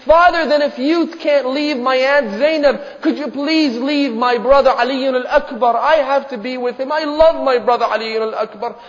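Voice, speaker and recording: A man's voice: fairly even intonation, moderate pace, darkish tone, lightly acted. A man voicing a sick little girl begging. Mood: pleading. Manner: tearful pleading, high strained voice. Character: sick five-year-old girl, pleading, clinging to her father. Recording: muffled recording in a reverberant hall.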